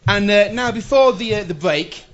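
A man's voice: high-pitched, animated, normal speed, fairly bright tone, highs cut off. A male event host introducing the next speaker, hesitant and full of uhs.

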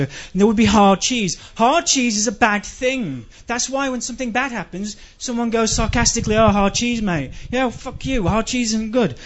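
High-voiced man ranting in exasperation. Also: lo-fi sound. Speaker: comedian. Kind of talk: stand-up comedy rant.

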